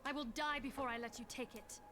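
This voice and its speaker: An actress playing a steadfast young heroine in a video game, speaking firmly and solemnly. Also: female voice, high-pitched, steady tone, fairly quick, noisy background, close to an everyday voice. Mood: defiant. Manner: firm, solemn delivery. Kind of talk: game voice acting.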